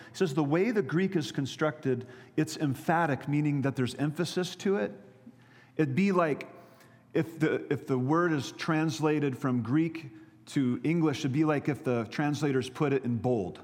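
A man's voice: fairly high pitch, long reverb tail. A man preaching a sermon as pastor, earnest, often repeating and restarting his words.

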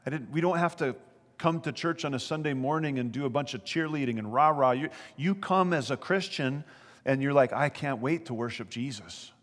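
A man preaching a sermon as pastor, animated and conversational, asking his listeners questions as he goes. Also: fairly high pitch, a little fast, in a large hall.

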